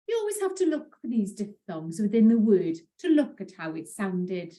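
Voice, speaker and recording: A woman giving a pronunciation lesson, repeating words slowly and clearly for learners. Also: medium pitch, sing-song, warm tone. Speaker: Welsh language teacher.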